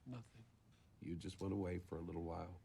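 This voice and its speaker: Elderly husband, soft-spoken, deep, gravelly. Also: male voice, quick pace, a little hiss or hum. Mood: tender. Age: older. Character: elderly husband tenderly devoted to wife.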